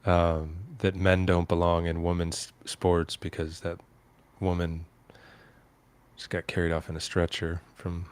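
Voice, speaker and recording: A man with a very low voice hosts a relaxed podcast chat and reads out the day's headlines. He talks haltingly and often starts over. The sound is dry and close. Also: clean tone, dry recording. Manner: hesitant, halting delivery, with restarts. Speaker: podcast co-host. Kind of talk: casual chat, reading headlines.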